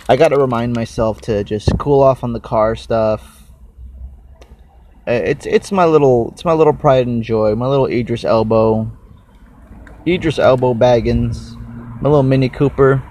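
A man's voice: mid-range voice, normal speed, long pauses, darkish tone. Young guy ranting on his podcast, swears a ton, munching snacks, bit of background hum. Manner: rambling, swears a lot, chews and eats while talking. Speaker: podcast host. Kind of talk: casual solo podcast rant.

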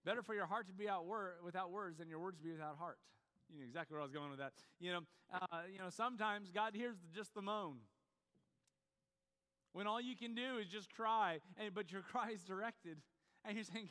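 A man's voice: high-pitched, brisk, a bit bright, big-room sound. A man preaching a sermon in a conversational way, with fillers and restarts. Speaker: pastor.

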